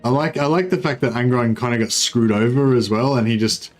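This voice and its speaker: A man's voice: mid-range voice, fairly quick, faint music behind. Rambling Australian man streaming a game. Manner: rambling, filler-heavy, laid-back. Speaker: gaming streamer. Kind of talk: casual livestream commentary.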